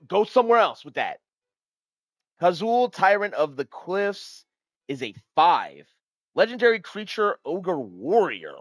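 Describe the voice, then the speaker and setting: A male streamer gives casual card-game commentary straight to his chat, hyped, animated, and swearing freely. His pitch leaps up and crashes down as he riffs, and the sound is close and dry with no room around it.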